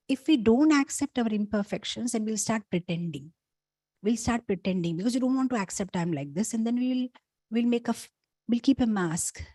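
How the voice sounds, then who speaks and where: Animated woman giving a spiritual talk. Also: on the high side, no echo. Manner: animated, lots of "you know" fillers. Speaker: spiritual teacher.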